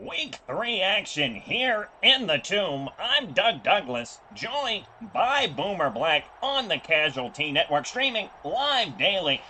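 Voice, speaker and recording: A man voicing a hyped male play-by-play sports announcer in a loud, brassy broadcaster delivery. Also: sits high, sing-song, slow pace, few pauses, a little hiss or hum, voice pushed up, full character voice. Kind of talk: mock sports commentary.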